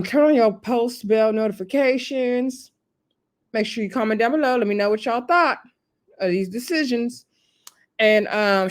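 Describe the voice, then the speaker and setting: A woman reviewing a reality show on her channel in casual chat, expressive and slangy. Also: medium pitch. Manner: chatty and expressive, drops into slang and acts out quotes. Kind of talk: casual recap chat to camera. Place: home setup with a ring light.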